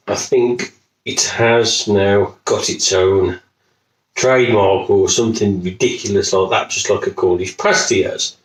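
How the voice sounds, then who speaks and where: A man from Wolverhampton with a West Midlands accent demonstrates a recipe in his home kitchen, joking, rambling and swearing now and then. His voice is fairly low with a fairly bright tone, and it sounds off-mic in the echoey kitchen.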